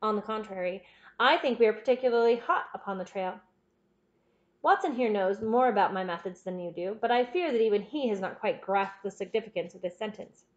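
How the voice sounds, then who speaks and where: A woman voicing a keen, confident male detective who explains things in a crisp, measured way. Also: mid-range voice, highs cut off, natural voice. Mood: assured.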